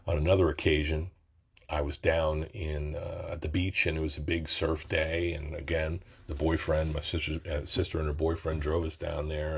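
Middle-aged guy rambling thru an old story, swears a lot, super husky breathy voice, low and monotone. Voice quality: raspy. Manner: rambling, profane, self-correcting. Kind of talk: casual storytelling.

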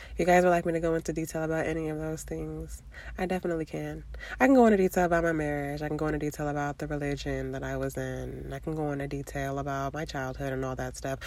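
A woman's voice: low-pitched, darkish tone. A woman in her twenties with a nasal, stuffy voice from a cold, rambling candidly in a casual confessional vlog. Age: 20s. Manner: rambling, filler-heavy, candid. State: congested, under the weather. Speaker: vlogger.

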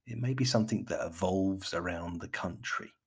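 Low husky-voiced chatty gardening host. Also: male voice, moderate pace. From United Kingdom. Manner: rambling, chatty, keeps addressing listeners as friends. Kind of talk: casual monologue podcast.

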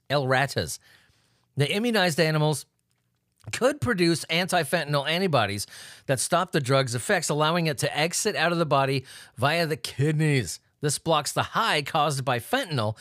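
A man's voice: a little high, fairly bright tone, no echo, studio quality. A man hosting a comedic news commentary, swearing, laughing and making sarcastic asides. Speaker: host.

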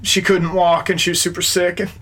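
A man's voice: sits high, level tone, a little fast, a bit bright. A man, an interview guest, earnestly recounting a personal story in conversation. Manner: earnest, retells events with quoted dialogue.

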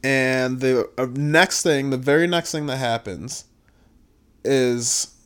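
A man giving a casual, profane recap, blunt and exasperated, swinging between low muttering and loud outbursts. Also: takes it slowly, clear, resonant tone. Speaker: video creator reviewing a game.

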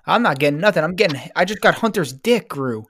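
A man's voice: a little high, animated, fast, a bit bright, no room sound. A man co-hosting a podcast, bantering casually with lots of swearing. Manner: profane, laughing banter. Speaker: podcast co-host. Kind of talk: casual chat.

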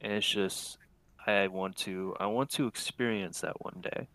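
A man's voice: fairly low pitch, fairly even intonation, a little slow, a bit bright, clear, resonant tone, no room sound. A young man co-hosting a podcast who chats in a playful, jokey way and laughs easily. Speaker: podcast co-host. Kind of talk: casual podcast chat.

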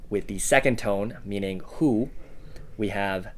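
A man co-hosting a language-learning podcast, explaining words in a relaxed way with fillers. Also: lowish voice, measured pace. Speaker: podcast co-host. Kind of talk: casual language lesson podcast.

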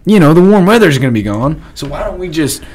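A man co-hosting a podcast, riffing in an animated, mocking way. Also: quick pace, a little hiss or hum. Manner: animated, mocking, rising pitch when riffing. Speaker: podcast co-host. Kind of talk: casual chat.

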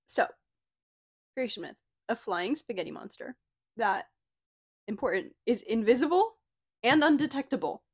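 A woman's voice: on the high side, animated, normal speed, long pauses, breathy edge. A young woman from Missouri co-hosting a podcast, reading out her notes in a dry, matter-of-fact way. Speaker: podcast co-host. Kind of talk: casual chat.

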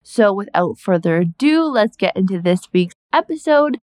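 This young woman runs her own podcast as a business coach, speaking in a bubbly, gushing, casual manner with plenty of "like." Her medium-pitched voice is expressive and a little mellow, delivered at a normal speed.

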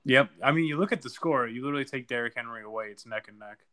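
Bright-voiced guy recapping fantasy football. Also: medium pitch, rapid-fire. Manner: blunt, trash-talking, laughs easily. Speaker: podcast co-host.

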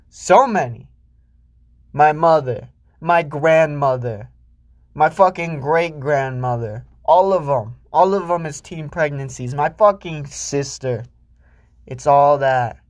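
This is a young podcast host talking alone, taking his time as he rants and wanders in crude, profanity-laden fashion. He alternates between loud eruptions and low muttering.

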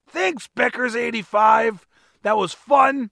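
Male solo podcast host: upbeat and jokey, bright, dry-sounding voice. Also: very high-pitched, lively intonation, unhurried, dry recording. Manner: upbeat, jokey, self-mocking.

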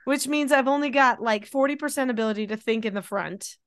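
A woman in her forties, a mother and host, talking in a chatty, animated way and acting out quotes. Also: a little high, brisk, dry recording, studio quality. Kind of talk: casual conversation.

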